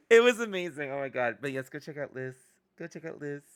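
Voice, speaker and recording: A woman streaming a video game, chatting excitedly with her viewers and laughing often. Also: low voice, normal speed, no room sound, studio quality. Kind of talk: casual live-stream commentary.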